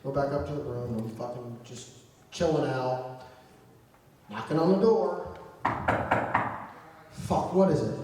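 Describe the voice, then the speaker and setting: A man's voice: mid-range voice, unhurried, long pauses. A young man telling a profane, comedic story at a convention panel, swearing constantly and putting on voices for his friends. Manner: heavy swearing, animated voices for quoted friends. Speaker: audience storyteller. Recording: echoey hall, distant mic.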